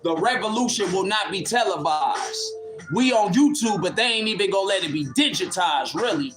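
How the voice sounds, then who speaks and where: Man streaming a fiery, profane rant with a high voice, an echoey room and a beat under him. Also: lively intonation, normal speed, over music. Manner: fiery, preachy, profane and confrontational. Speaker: livestream commentator. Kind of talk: impassioned live rant. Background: instrumental beat playing.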